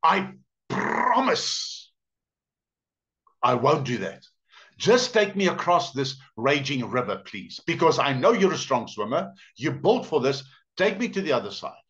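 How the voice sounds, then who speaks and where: Sly coaxing snake, put on by a man, lively rising pleas, dull lo-fi sound. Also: mid-range voice, normal speed, long pauses. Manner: wheedling, coaxing. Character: sly pleading male snake in a fable.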